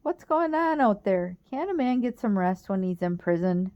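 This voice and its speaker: A woman's voice: mid-range voice, moderate pace, highs cut off, close to an everyday voice. A woman reading the lines of a cocky young man in jail, in a wry, teasing tone.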